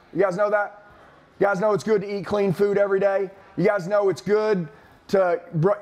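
A high-pitched man delivers an intense motivational talk to a sales team. He repeats himself and preaches about discipline and leadership. His voice sits high for a man. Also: a little mellow. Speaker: sales trainer.

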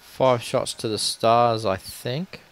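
A man commentating a lawn bowls livestream in relaxed, jokey banter. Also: mid-range voice, slow, a little hiss or hum. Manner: laid-back, jokey banter.

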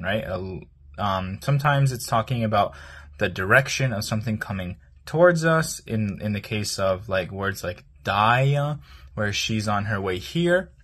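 A man with a low, husky voice walks through a language lesson, explaining each part of a word. He talks in a hesitant, explanatory way, with plenty of fillers and pauses. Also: animated, fairly bright tone. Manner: explanatory, hesitant with many ums. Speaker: language teacher.

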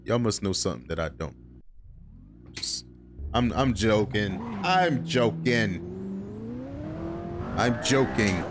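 Slow and lowish in pitch, this male gaming YouTuber takes long pauses as he rambles through casual gameplay commentary. He gets excitable, swears a lot and uses plenty of fillers, all over a noisy background of loud game music and car engine sounds.

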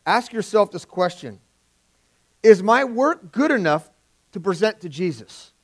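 Middle-aged male pastor, slightly raised pitch, conversational sermon with big swings in loudness. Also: animated, a little slow. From California. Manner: conversational preaching, swings from loud emphasis to quiet.

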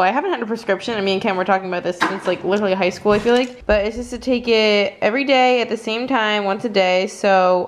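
A woman's voice: mid-range voice, creaky, a bit bright. A young woman vlogging casually at home, chatty and full of "like" fillers. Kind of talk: casual personal vlog.

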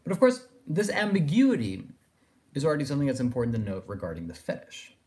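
A man's voice: mid-range voice, huge pitch swings, fast, mellow. A man giving a philosophy lecture, thinking aloud and circling his points with phrases like "in a sense". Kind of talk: recorded lecture.

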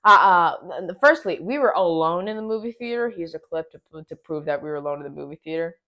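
A woman giving a casual spoiler review of a film, talking in an excitable, rambling way and often restarting her sentences. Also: fairly low pitch, fast, highs cut off.

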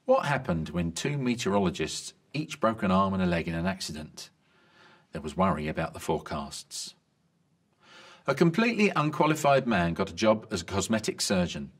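Animated man telling jokes. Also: low voice, normal speed. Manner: lively joke delivery, bright voices for quoted lines. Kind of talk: reading a string of medical jokes.

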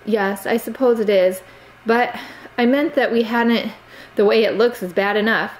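A woman's voice: a little high, normal speed, pitched above the performer's own voice, close to an everyday voice, low-quality recording. A woman reading aloud, voicing a stern, reproachful middle-aged aunt who lectures her niece. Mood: scolding.

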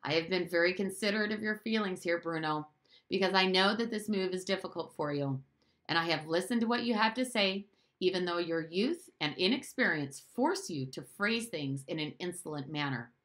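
A woman reading the lines of a stern, quietly commanding middle-aged father in an audiobook. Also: lowish voice, lightly acted. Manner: measured, quiet, authoritative.

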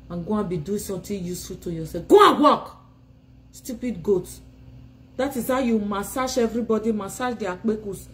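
A woman's voice: mid-range voice, mellow, a little hiss or hum, poor audio. A Nigerian woman ranting in a phone live video from home, scolding and insulting her rivals while tired and sleepy. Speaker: vlogger.

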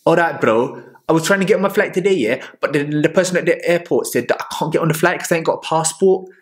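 A man's voice: fast, lightly acted. A man voicing a brash young man who talks in street slang and whines about being wronged. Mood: aggrieved. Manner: whiny, slangy, sliding pitch.

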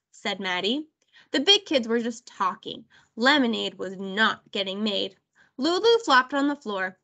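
A woman reading a children's picture book aloud with an expressive delivery. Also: on the high side, normal speed. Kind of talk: storybook read-aloud.

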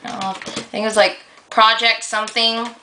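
A young woman vlogger ranting casually to her camera, rambling with lots of fillers and getting excitable as she tells a story. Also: on the high side, fairly quick, slight background noise, low-quality recording.

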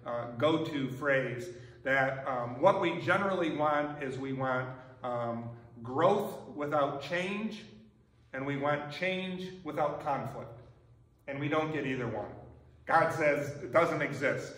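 A man preaching a sermon, chatty and conversational, often asking the congregation "right?". His voice sits a little high for a man. It is caught from far off in a reverberant church sanctuary. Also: expressive, takes it slowly, fairly bright tone. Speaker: pastor.

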